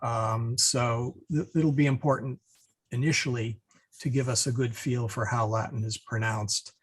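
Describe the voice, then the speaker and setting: A man teaching an online Latin class over a video call, relaxed with many fillers and restarts. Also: medium pitch, measured pace, breathy edge.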